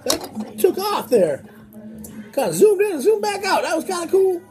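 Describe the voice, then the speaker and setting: A high-voiced woman with a very lively pitch gives goofy, exclamatory commentary on a game. Her tone is warm and mellow, and faint music plays behind her. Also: normal speed. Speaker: gameplay commentator. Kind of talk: playful gameplay commentary.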